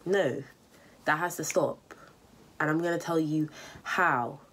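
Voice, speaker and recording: Young woman vlogger, low-pitched, blunt and scolding. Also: takes it slowly, fairly bright tone, slight background noise. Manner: blunt, scolding, repetitive, slangy. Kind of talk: casual money-advice vlog.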